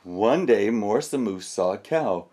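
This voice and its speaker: A man reading picture books aloud to children in a gentle, expressive storybook manner. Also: on the low side, unhurried.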